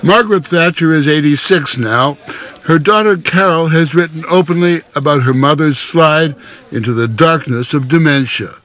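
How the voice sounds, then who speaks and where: A man narrating a TV news feature and interviewing in a measured, wry way. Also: fairly high pitch, a bit bright. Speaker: TV news correspondent. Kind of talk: scripted broadcast narration and interview.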